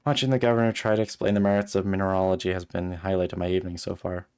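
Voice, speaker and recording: A man voicing a bored, gossipy Southern American gentleman at a formal party, with a put-on Southern drawl. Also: low voice, flat delivery, racing, smooth, close to an everyday voice. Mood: confiding. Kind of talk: reading game dialogue aloud in a voice.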